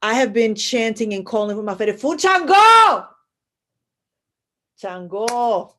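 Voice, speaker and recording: A woman leads a live horoscope reading for a chat room, cursing freely and repeating phrases like a chant. Her voice sits at an average pitch and swings between loud, forceful urging and quiet, almost murmured asides. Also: a little fast. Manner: blunt and profane, swinging between loud exhortation and soft murmurs; repetitive, chant-like phrasing with Spanish and slang. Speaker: astrology and spiritual reader.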